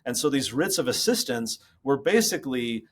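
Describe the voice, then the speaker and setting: A man speaking as a guest over a laptop video call from his office, explaining ideas in an animated, storytelling way. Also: medium pitch, moderate pace. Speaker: guest author. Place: home office.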